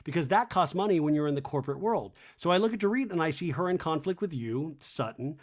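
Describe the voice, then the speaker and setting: Man voicing a calm, businesslike woman. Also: on the high side, quick pace. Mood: earnest. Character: poised woman newcomer with a corporate mindset.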